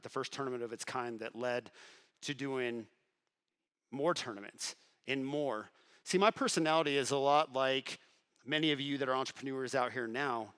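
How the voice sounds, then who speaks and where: A middle-aged man giving a motivational speech at an event, telling his story with lively acted-out dialogue. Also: mid-range voice. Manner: animated storyteller acting out dialogue, swings between hushed and loud. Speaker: entrepreneur giving a motivational talk. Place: event hall before an audience.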